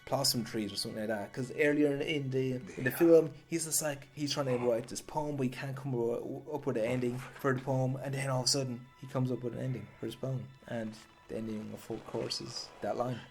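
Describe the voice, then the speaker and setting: Man, show host, casual comedic film recap, rambling, slangy, repetitive, mid pitch, faint background music. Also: steady tone, a little fast. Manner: rambling, slangy, repeats himself. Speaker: host of a film commentary series.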